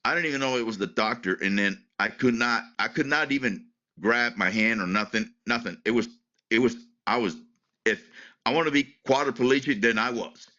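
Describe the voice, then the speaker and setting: A man telling an interviewer a personal story, often halting, repeating words and restarting his sentences. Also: mid-range voice, pushed and bright. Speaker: interviewee, retired Air Force veteran. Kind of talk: emotional personal account in an interview. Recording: muffled, lo-fi recording.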